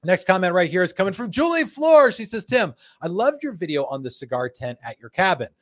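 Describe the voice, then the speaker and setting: A man's voice: sits high, big pitch swings, fairly quick. A man hosting a casual live stream, chatting and joking as he reads viewer comments aloud. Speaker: host. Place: studio in Phoenix.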